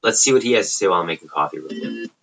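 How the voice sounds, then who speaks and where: A man's voice: on the low side, wildly swooping pitch, racing, gravelly, fairly bright tone, rough recording. A man with a suburban Chicago accent hosting a casual late-night livestream from home, rambling and profane. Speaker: livestream host.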